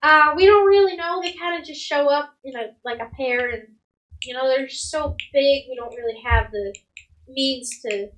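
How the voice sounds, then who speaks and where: A woman's voice: sits high, moderate pace, a bit bright, a little hiss or hum, rough recording. A woman voicing a big, hospitable village mother who offers food and a place to stay. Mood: worried. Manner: homely, hospitable, rambling.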